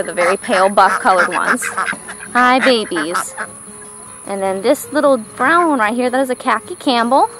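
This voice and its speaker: Female vlogger, slightly high voice, casual farm-tour chat outdoors, coos baby talk at animals; music bed clearly audible. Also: a bit bright. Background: background music.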